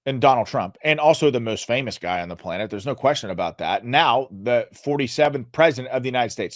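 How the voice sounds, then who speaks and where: A male show host giving an emphatic, earnest political commentary monologue, his voice going hoarse. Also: mid-range voice, lively intonation, a little fast, no echo, studio quality. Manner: emphatic, earnest, rising to loud peaks. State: losing his voice.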